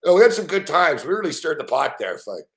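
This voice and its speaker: A man's voice: on the high side, sing-song, fast talker, vocal fry, a bit bright. Profane, laughing man telling stories. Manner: profane, laughing, rambling anecdotes. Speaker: sports betting show host. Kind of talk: casual storytelling on a live stream.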